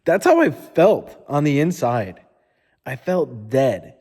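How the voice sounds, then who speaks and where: A man's voice: medium pitch, big pitch swings, slow, a little mellow, big-room sound. A man in a casual motivational storytelling style, candid and informal, who swears often and says "like" a lot. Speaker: motivational speaker.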